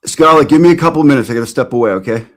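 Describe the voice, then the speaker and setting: A woman's voice: rumbling low, very fast. A woman guest in a casual chat, joking and sometimes losing her train of thought. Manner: relaxed, joking, trails off mid-thought. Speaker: guest co-host.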